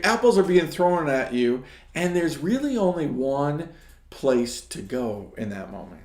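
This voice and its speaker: A man hosts a casual devotional talk, telling a story with a lively, rising and falling voice. He keeps checking in with the listener with "right?". The sound is roomy and echoey. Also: mid-range voice, measured pace. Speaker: ministry host. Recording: echoey room.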